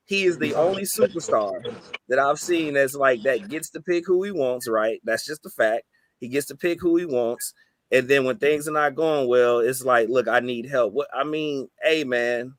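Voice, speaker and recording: A man's voice: mid-range voice, moderate pace, no echo. A man on a basketball podcast panel, making his case in casual debate, often repeating his openings before building the point.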